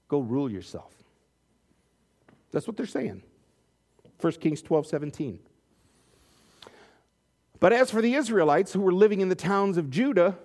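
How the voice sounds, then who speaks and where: A man's voice: fairly high pitch, darkish tone. A man preaching a sermon, reading scripture and acting out the quotes with joking asides. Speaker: pastor.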